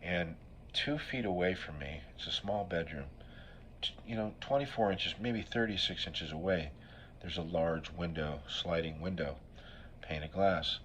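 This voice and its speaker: A middle-aged recovery speaker tells an emotional personal story in a low, slightly slow voice with a fairly bright tone, over a little hiss or hum. His delivery is raw and profane, he keeps asking "right?", and allergies make him sound sniffly.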